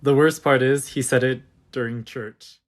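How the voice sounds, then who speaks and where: A man's voice: medium pitch, fairly even intonation, a little slow. A young man giving a comedic short-form language lesson, jokey and playful, full of puns, recorded on a phone. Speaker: language teacher on short videos.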